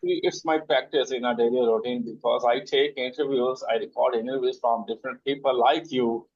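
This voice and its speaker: A man hosting an interview, asking questions hesitantly with many pauses and fillers. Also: medium pitch, steady tone, darkish tone, slightly rough. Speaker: interview host. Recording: dull lo-fi audio.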